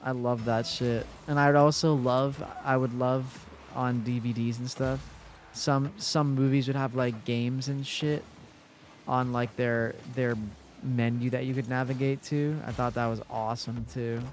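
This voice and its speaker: A man's voice: mid-range voice, level tone, a little slow, a little hiss or hum. Chatty young man streaming live. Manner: chatty, swears freely, addresses chat directly. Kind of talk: casual live-stream chat while gaming.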